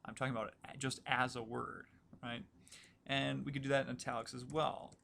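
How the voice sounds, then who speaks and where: Male writing instructor, gravelly voice, casual lecture delivery full of fillers, faint background hiss. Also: mid-range voice, flat delivery, brisk, pushed and bright. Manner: casual, filler-heavy explaining. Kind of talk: recorded lecture walkthrough.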